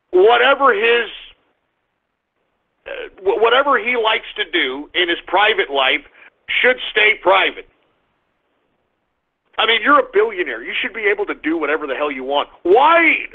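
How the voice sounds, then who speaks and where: A male talk radio host with a high voice, crude and loud as he rants at his listeners. The sound is thin and tinny, like it is coming over a phone. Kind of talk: ranting political talk radio.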